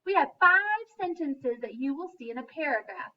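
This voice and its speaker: A woman teacher giving a lesson to young children, speaking slowly and clearly and chanting in a sing-song voice. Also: sits high, lively intonation, recorded from a distance, dull audio. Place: classroom.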